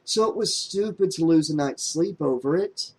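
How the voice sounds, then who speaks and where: A man doing a smooth, easygoing young guy. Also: a little high, lively intonation, normal speed. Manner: smooth, casual and lightly raised. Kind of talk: audiobook character voice.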